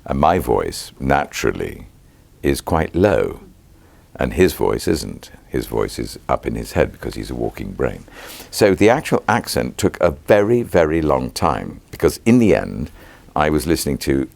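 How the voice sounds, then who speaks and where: A British actor in his sixties answering interview questions in a measured, reflective way, pausing with ums and restarting phrases. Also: very deep voice, big pitch swings, creaky, a little mellow, dry recording. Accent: British English. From Britain.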